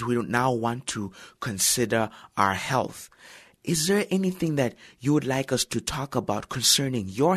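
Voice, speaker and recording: A man's voice: mid-range voice, fairly bright tone. A man hosting a radio program, addressing listeners in a friendly, direct way. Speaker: radio host.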